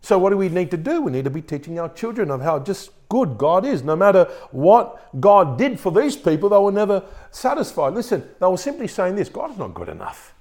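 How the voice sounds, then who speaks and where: A male pastor preaches a sermon, his pitch rising and falling with lively energy. His voice sits a little high for a man, and he reads scripture aloud along the way. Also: a little fast, hardly any pauses.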